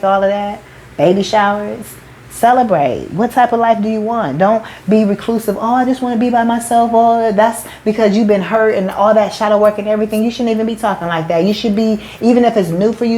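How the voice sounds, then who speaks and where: A woman's voice: mid-range voice, mellow, a little hiss or hum, rough recording. A woman who works as a motivational speaker and spiritual coach, preaching to her followers in emphatic, slangy talk. She swears freely, restarts often, and keeps calling them "baby".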